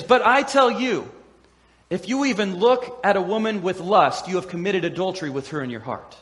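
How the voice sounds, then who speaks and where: Male pastor, high voice, playful animated sermon delivery, long hall reverb. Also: normal speed. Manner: animated, acts out quoted voices with humor.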